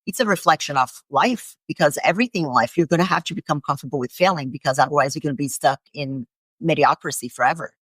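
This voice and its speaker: A woman hosts a fitness podcast and speaks in an earnest, candid way, now and then with a curse word. Her voice is notably low. The sound is dry and close to the mic. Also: fast, husky, dry recording. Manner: earnest, candid, occasional swearing. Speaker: podcast host. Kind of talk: conversational interview.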